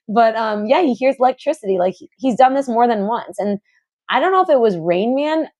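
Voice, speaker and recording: A woman's voice: a little high, animated, fast talker, a little mellow. A young adult woman co-hosting a podcast in casual chat, talking in a rambling way full of fillers and restarts. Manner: rambling, filler-heavy, laughs often. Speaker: podcast co-host.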